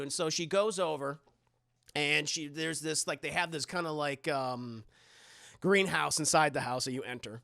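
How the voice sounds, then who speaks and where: A man's voice: a little high, moderate pace, vocal fry, dry recording, studio quality. A man streaming live, recapping a movie in a rambling, casual, profane way and talking to his chat. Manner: rambling, animated storytelling with filler words. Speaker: streamer doing a movie review.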